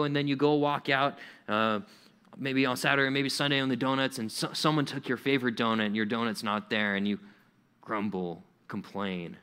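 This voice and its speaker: A man's voice: medium pitch, steady tone, normal speed, fairly bright tone, clear, resonant tone. A young adult man preaching a conversational sermon to young people, acting out little quoted voices as he goes.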